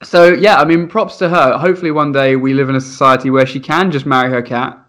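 A young man, a primary school teacher, telling funny stories in casual chat, animated and laughing, acting out voices. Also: mid-range voice, fast. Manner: animated, laughing, acts out voices in his anecdotes.

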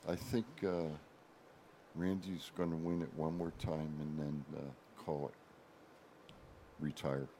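A man co-hosting a wrestling radio chat, blunt and halting. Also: rumbling low, level tone, dark tone, slight background noise. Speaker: radio co-host.

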